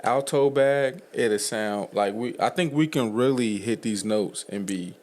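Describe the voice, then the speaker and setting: A man's voice: mid-range voice, a little slow, darkish tone. A man co-hosting a podcast in casual, playful banter, joking and beatboxing. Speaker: podcast co-host.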